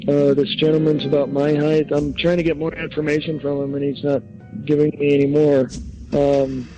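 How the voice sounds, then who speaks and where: A man's voice: on the high side, flat delivery, moderate pace, mellow, lo-fi sound, faint music behind. A man acting as a psychic medium on a call-in radio show, hesitant, with many fillers and restarts.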